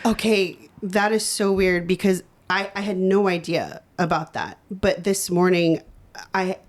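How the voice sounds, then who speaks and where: A young woman, a singer and new mother, talking as a podcast guest in a soft, open, reflective way. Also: on the low side, a little slow. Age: young adult. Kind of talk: casual interview chat.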